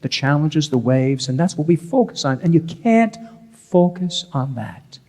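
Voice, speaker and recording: A man's voice: a little high, animated, unhurried, a little mellow. A man, a priest, giving a conversational sermon, repeating key phrases for emphasis. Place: church. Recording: church with long reverb.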